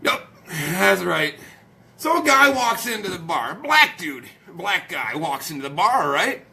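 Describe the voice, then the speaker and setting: A foul-mouthed man chats loosely on a late-night live stream, joking and a little tipsy from beer. His voice sits high and swoops widely. He takes his time and sounds bright and forceful. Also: very animated, unhurried, gravelly. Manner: rowdy, profane, joking.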